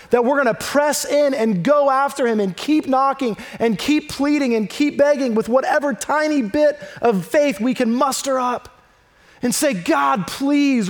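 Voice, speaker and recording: A man delivering a sermon in a relaxed, conversational style. His voice sits unusually high for a man. He leans into key words for emphasis and sinks low and soft when he reads the text. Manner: conversational, emphatic, drops low and quiet for scripture. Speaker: preacher.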